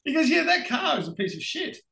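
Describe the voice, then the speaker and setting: A man's voice: very high-pitched, gravelly, heavy background noise. Australian man telling racing stories. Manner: animated anecdotes, laughs often. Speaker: podcast guest, racing driver. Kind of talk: casual storytelling interview. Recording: roomy echoey room.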